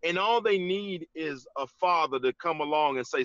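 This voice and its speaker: Man, halting and heartfelt. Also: high voice, lively intonation, sharp tone, dry recording, muffled recording. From Georgia, US. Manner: halting, many restarts and fillers, says "man" often. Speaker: interview guest. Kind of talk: casual testimony in an interview.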